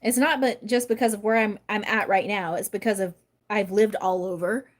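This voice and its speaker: A woman's voice: medium pitch, fairly even intonation, normal speed. A woman from the United States, a manifestation coach chatting casually on a livestream and answering viewers' comments.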